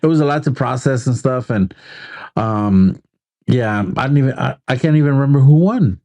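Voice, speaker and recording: A young man co-hosting a casual podcast, relaxed and profane, often calling his friend bro. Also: mid-range voice, moderate pace. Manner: laid-back, profane, says bro a lot. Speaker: podcast co-host. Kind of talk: casual banter.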